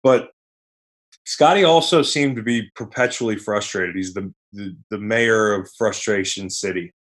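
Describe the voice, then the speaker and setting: A man's voice: lowish voice, unhurried, fairly bright tone. A man hosting a sports podcast, talking casually in a rambling, conversational way with wry asides. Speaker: podcast host.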